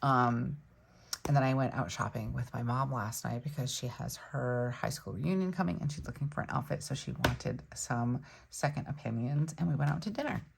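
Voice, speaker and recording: A woman's voice: extremely low pitch, normal speed, vocal fry, background noise. A woman in her thirties hosting her own planner channel, chatting casually with many ums as she talks through her week. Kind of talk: casual chat.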